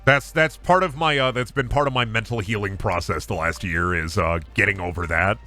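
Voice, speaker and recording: A man's voice: lowish voice, fairly quick, bright, forceful tone, faint music behind. A male streamer giving casual gaming commentary, rambling and swearing freely.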